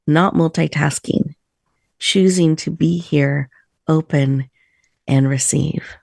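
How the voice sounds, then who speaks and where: A woman hosting a video-call show, leading a slow, soothing guided breathing meditation. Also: sits low, steady tone, vocal fry, no echo, clean studio sound. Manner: soft, slow, soothing guidance. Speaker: host. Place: virtual room, video call.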